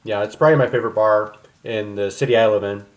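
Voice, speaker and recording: A man's voice: on the low side, fast. A young man chatting casually to viewers while cooking in his home kitchen on a livestream, rambling with plenty of ums. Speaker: streamer.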